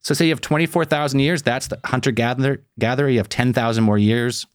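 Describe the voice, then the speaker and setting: A man's voice: medium pitch, steady tone, fast talker, clear, resonant tone, no room sound, studio quality. A man in a casual podcast chat, rambling through speculative ideas and swearing freely. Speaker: podcast co-host.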